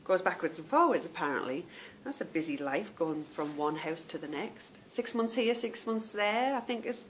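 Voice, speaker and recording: A woman with a fairly low, expressive voice hosts a knitting podcast at a moderate pace, with slight background noise. She chats casually to viewers, rambles off on tangents, and stumbles over unfamiliar names.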